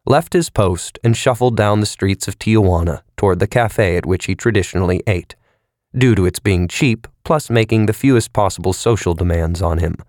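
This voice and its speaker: An audiobook narrator reads a novel in a measured, even storytelling style. His voice is lowish, captured in a clean studio with no room sound.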